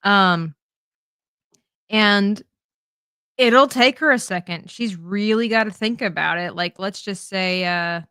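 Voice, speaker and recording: A woman's voice: medium pitch, takes it slowly, pauses often, bright, forceful tone, clear, resonant tone, dry recording. A woman chatting and laughing as she teaches drawing on a live stream. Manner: chatty, laughs often, teasing.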